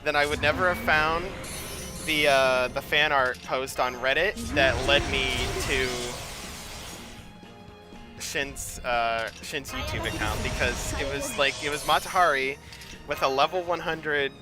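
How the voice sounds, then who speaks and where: A young man chats loosely on a gaming livestream, rambling from thought to thought and swearing casually. His voice sits at an ordinary middle pitch. Game music plays clearly behind him. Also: measured pace. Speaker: streamer. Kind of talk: casual gaming stream chat. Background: game music playing.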